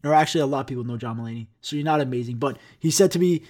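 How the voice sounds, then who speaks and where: A man's voice: mid-range voice, rapid-fire, a little mellow. A man hosting a podcast, ranting in a rambling, profane and self-mocking way. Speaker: podcast host. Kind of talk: casual podcast rant.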